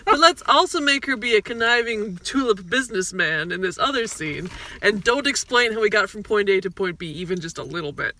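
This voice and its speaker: A woman's voice: mid-range voice, lively intonation, fairly quick, hardly any pauses, noisy background. A woman co-hosting a casual film review chat, dry and sarcastic, swearing now and then.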